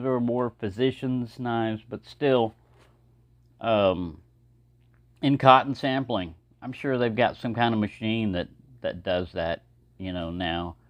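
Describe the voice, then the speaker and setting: A Texan man chats about his knives at an easy, meandering pace, filling pauses with "uh" and "you know." His voice sits at an ordinary mid pitch. The recording is dry and close, with a slightly muffled, dull sound. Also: dry recording. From Texas. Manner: rambling, relaxed, many fillers. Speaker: knife collector vlogger. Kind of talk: casual show-and-tell talk.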